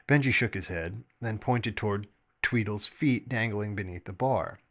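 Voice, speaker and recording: A man reading his own story aloud as narrator, expressive, with occasional slips and restarts. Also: on the low side, normal speed.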